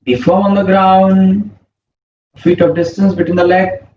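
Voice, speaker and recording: A man, leading a yoga class with calm, slow breathing cues. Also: high voice. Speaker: yoga instructor. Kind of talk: guided yoga instruction. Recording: roomy, distant, muffled with faint hum.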